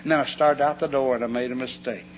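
A man's voice: medium pitch, fast. A man preaching a folksy sermon, telling homespun stories and acting out the voices in them. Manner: homespun, animated, acts out voices in anecdotes. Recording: long hall reverb, faint hum.

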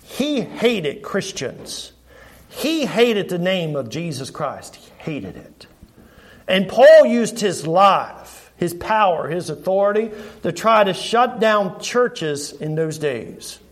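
Middle-aged guy preaching, high voice, keeps asking the church questions and restarting his sentences. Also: big pitch swings, slow. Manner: earnest, asks the congregation rhetorical questions; repeats and restarts phrases. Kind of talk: sermon.

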